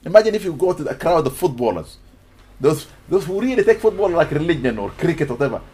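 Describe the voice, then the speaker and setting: Lively husky male preacher. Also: fairly high pitch, fast talker. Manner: animated, mixes Quranic Arabic recitation with English teaching, acts out dialogues. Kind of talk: sermon.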